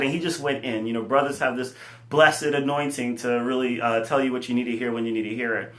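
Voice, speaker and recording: A man running a fitness company, giving an earnest, animated motivational talk full of fillers. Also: medium pitch, fairly quick. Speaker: fitness company CEO and coach. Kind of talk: casual motivational talk to camera. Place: room with his computer. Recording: echoey room.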